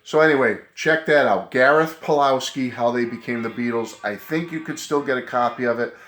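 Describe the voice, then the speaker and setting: A man's voice: medium pitch, a little fast, a bit bright. A man in his fifties with a New England accent, chatting casually to camera as a collector, getting over a cold, rambling and self-correcting with enthusiasm. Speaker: collector vlogger.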